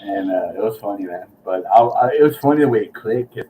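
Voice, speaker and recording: A man's voice: fairly low pitch, expressive, brisk, dark tone, distant mic, a little hiss or hum, poor audio. A man hosting a casual chat, telling a rambling, profane story and acting out what people said. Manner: rambling, profane, acts out quotes. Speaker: host. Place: guitar shop or room, San Antonio.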